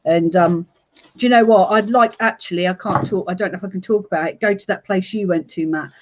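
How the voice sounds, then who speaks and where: A woman's voice: mid-range voice, quick pace. A woman chatting bluntly and animatedly in a casual live chat, laughing often. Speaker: urban explorer, live chat co-host. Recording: muffled lo-fi audio.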